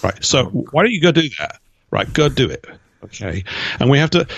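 A man's voice: fairly high pitch, sing-song, normal speed, gravelly, fairly bright tone, breathy edge, no echo. A man giving emphatic, opinionated answers as an interview guest, with mocking asides. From Britain.

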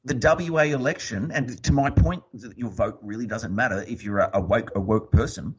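A man's voice: mid-range voice, moderate pace, husky, low-quality recording. A man co-hosting a talk show, speaking bluntly and crudely. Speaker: podcast co-host. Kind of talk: casual talk.

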